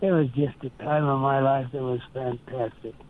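An older man from Nebraska tells earnest stories in an interview, slowly acting out his past conversations. His voice comes through a thin, tinny line, as if on the phone. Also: medium pitch, steady tone. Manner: slow, earnest storytelling with quoted dialogue. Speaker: interview guest. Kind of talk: storytelling interview.

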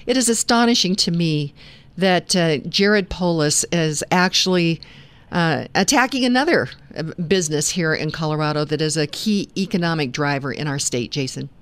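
A woman's voice: deep voice, animated, moderate pace. A woman hosting a talk radio show, chatting conversationally with fillers and restarts. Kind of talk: conservative talk radio chat.

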